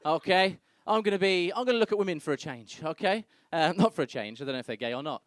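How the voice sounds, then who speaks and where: Young guy doing stand-up, crude and brash, kinda high voice, dry sound. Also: animated, fast talker, no echo. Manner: brash, crude storytelling, acts out other people's voices. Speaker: stand-up comedian. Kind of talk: stand-up comedy set. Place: comedy club stage.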